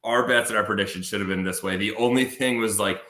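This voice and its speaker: A man with an American Midwest accent, co-hosting a sports podcast in a lively, jokey way full of fillers. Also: fairly low pitch, fast talker, roomy sound. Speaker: podcast co-host. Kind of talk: casual sports podcast chat with ad reads.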